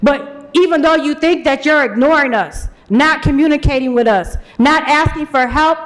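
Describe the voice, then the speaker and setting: A man at a podium microphone in a city commission chamber, his voice pitched very high. He delivers a forceful, accusing public comment, driving home each point with short repeated phrases. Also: normal speed, poor audio.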